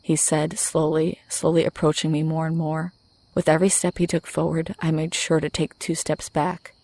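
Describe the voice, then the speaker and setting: A woman reads a first-person horror story in a low, even voice with a gravelly edge. Her telling is measured and steady, recorded dry and close. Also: dry recording. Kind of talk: scripted first-person narration.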